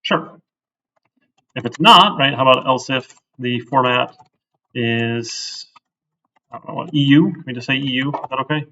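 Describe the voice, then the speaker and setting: A gravelly-voiced man runs a casual coding lecture, thinking aloud as he types. He is picked up from across a classroom, so his voice sounds distant and dull. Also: mid-range voice, normal speed, pauses often, sharp tone. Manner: conversational, thinks aloud, often asks "right?". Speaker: programming instructor.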